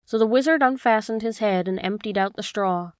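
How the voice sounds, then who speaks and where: A woman narrating a classic children's book in a steady, measured way. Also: mid-range voice, clean tone, no room sound, clean studio sound. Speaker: audiobook reader. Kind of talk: storybook narration.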